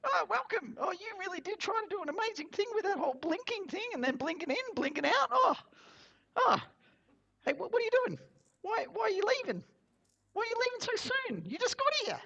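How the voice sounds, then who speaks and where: A man voicing a small furry blue gremlin-like creature in a squeaky, shrill voice, chattering quickly. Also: big pitch swings, vocal fry, lo-fi sound, heavily acted. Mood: excited. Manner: loud, fast greeting chatter.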